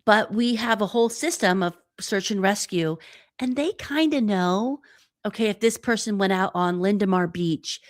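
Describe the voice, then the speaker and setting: A woman's voice: mid-range voice, moderate pace, no room sound, clean studio sound. A woman from the San Francisco Bay Area, a podcast guest, talking casually and thinking aloud. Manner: conversational, thinking aloud with restarts. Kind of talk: casual chat.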